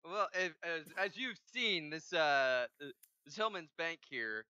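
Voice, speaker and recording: Game master guy, super bright clear voice, dry dull recording, lots of uhs. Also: on the high side, a little slow, dry recording. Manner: relaxed narration with many fillers and restarts. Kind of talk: narrating a tabletop game.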